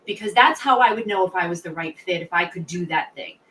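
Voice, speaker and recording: A middle-aged woman, a guest on an interview podcast, telling stories in a lively, animated way and acting out what people said. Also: lowish voice, brisk, recorded from a distance, a little hiss or hum, low-quality recording. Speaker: guest, sales author and founder.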